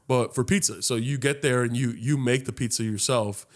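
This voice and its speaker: A man's voice: mid-range voice, moderate pace. A young man from Los Angeles, co-hosting a casual podcast chat, telling stories with lots of swearing and acting out other people's voices. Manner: animated storytelling, heavy swearing, acts out voices. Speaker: podcast co-host.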